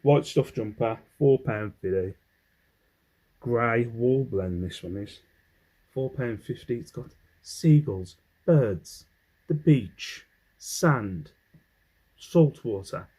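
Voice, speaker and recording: A man's voice: mid-range voice, expressive, slow, long pauses, warm tone, breathy edge, poor audio. An English man in a casual haul vlog, rambling as he goes through his finds and humming to himself between items. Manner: rambling, hums while sorting items. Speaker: clothing reseller.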